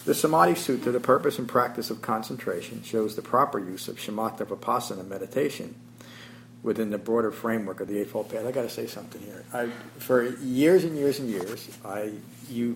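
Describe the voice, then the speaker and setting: A man's voice: medium pitch, vocal fry, a little hiss or hum, rough recording. Man giving a reflective dharma talk. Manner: reflective, thinks aloud with pauses; self-deprecating, chuckling about his habits. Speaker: meditation teacher. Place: meditation class before a small group.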